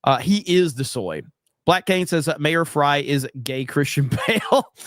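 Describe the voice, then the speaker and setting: A man's voice: fairly high pitch, lively intonation, unhurried, fairly bright tone, no echo, clean studio sound. A man hosting a casual livestream, reading viewer comments aloud with jokes and frequent fillers. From USA. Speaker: livestream host reading chat.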